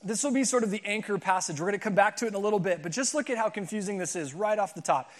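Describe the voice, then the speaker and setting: A man's voice: high-pitched, racing. A young adult man, a pastor, giving a casual, joking sermon with many asides to the congregation. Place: church auditorium.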